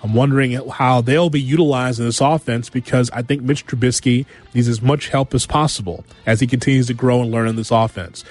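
A man hosting a sports talk radio show, giving an animated monologue full of rhetorical questions and repeated phrases. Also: mid-range voice, brisk, few pauses. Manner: animated, rhetorical, repeats himself, acts out quotes.

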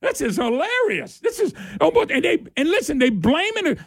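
A middle-aged man hosting a political talk radio monologue. He laughs and mocks as he talks, getting excited. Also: extremely high pitch, moderate pace, creaky, no echo, clean studio sound.

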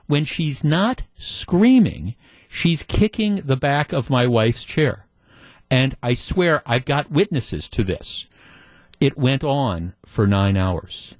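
A man's voice: on the high side, a little slow, no echo. Middle-aged radio host guy telling a story, voice swoops all over, dry close studio sound. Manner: animated storytelling, mock-exasperated. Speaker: radio talk show host. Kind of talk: talk radio monologue. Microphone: studio microphone.

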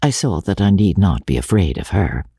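A man narrates a classic novel with a lively, rising and falling delivery. His voice is gravelly and somewhat husky. The recording is dry and close. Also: deep voice, normal speed, no echo. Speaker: reader. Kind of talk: reading a classic novel aloud.

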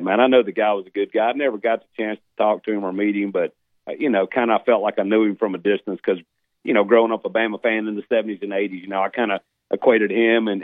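Folksy caller on a tinny phone line. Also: male voice, fairly low pitch, no room sound. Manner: folksy, rambling, says man a lot. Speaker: radio caller. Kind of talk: phoned-in chat.

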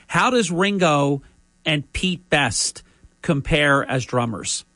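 A man's voice: a little high, expressive, takes it slowly, sharp tone, dry recording, studio quality. A man hosting an interview, asking long, rambling questions. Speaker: host.

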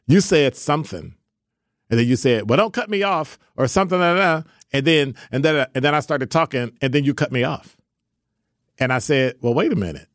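A man co-hosting a radio talk show, bantering casually in an animated, playful, argumentative way. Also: medium pitch, normal speed, no room sound, clean studio sound. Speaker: radio co-host.

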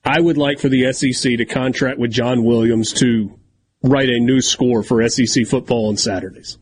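A man's voice: medium pitch, fairly even intonation, moderate pace, slightly rough. A man hosting a sports talk radio show, chatting casually and reading sponsor copy. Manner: talkative, leads the segments.

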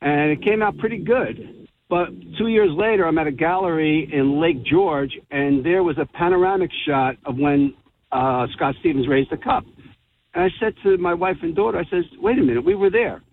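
A man's voice: fairly high pitch, normal speed, slight background noise. A middle-aged man from New Jersey calling a radio show and telling a heartfelt story. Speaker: caller. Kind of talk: call-in radio talk. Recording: tinny phone line.

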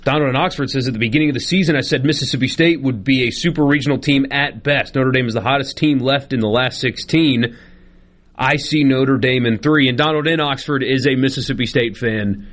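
A man's voice: medium pitch, fairly quick, fairly bright tone. A man hosting a sports talk radio show, telling stories and reading listener texts with easy laughter.

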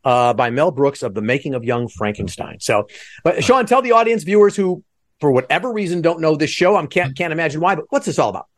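Male podcast host, quick and chatty, slightly high voice, rambling questions over a video call. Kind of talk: video interview.

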